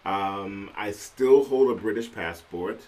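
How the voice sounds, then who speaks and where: A man from Trinidad hosting a podcast, talking in an animated, conversational way and often laughing. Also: fairly low pitch, takes it slowly. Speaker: podcast host. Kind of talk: casual solo commentary. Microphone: podcast microphone.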